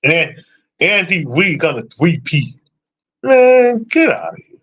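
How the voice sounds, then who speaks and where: Animated profane man ranting about football. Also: fairly high pitch, a little slow, husky. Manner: profane, blunt, trash-talking. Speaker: streamer answering chat. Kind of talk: casual sports rant.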